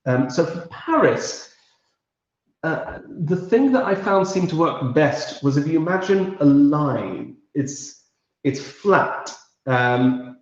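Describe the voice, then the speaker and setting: A man's voice: mid-range voice, a little mellow. A chatty man hosts an online pub quiz from a room at his parents' home. He talks casually with plenty of ums and false starts as he answers viewer comments. The sound is very echoey and a little dull. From England. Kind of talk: casual livestream chat.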